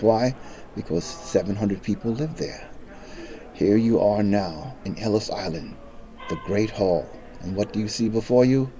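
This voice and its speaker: A man's voice: lowish voice, warm tone. A middle-aged man working as a national park ranger, telling history as a dramatic story with varied emphasis. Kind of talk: storytelling guided talk.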